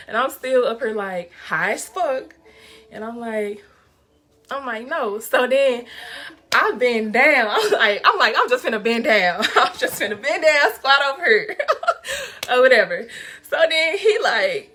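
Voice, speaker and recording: A young woman telling a story to her viewers in a casual, animated, profane way, laughing often. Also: on the high side, moderate pace. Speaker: vlog host telling a story.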